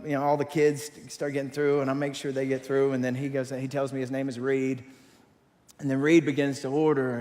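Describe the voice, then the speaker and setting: A man preaching as a campus pastor, telling a story in an animated, self-mocking way. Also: medium pitch. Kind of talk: sermon storytelling. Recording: long hall reverb.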